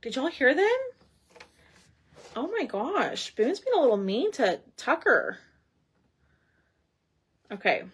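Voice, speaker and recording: A woman's voice: high voice, sing-song, takes it slowly, long pauses, a bit bright, husky. A woman hosting a casual crafting livestream, chatting and thinking aloud as she works. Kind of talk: casual live crafting chat.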